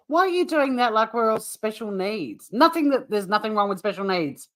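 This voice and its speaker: A middle-aged woman with an Australian accent hosting a casual livestream, blunt and quick to swear, often breaking into laughter as she chats. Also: a little high, expressive. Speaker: livestream host. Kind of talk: casual livestream chat reacting to a clip.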